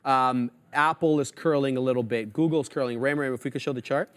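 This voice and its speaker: Relaxed man giving live market commentary. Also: mid-range voice, fairly quick, smooth. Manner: relaxed, hesitant, many fillers. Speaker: co-host of a live trading show.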